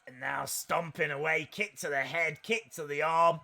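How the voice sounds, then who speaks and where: Excitable man calling wrestling live. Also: a little high, moderate pace, gravelly, hardly any pauses. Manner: excitable, jokey, bursts into shouts. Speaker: live stream host. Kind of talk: wrestling watch-along commentary.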